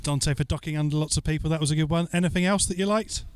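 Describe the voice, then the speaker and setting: Jokey, fairly high-voiced male podcast host. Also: fast talker, smooth. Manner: joking, loose delivery with frequent "uh" fillers. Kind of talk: casual podcast chat and listener Q&A.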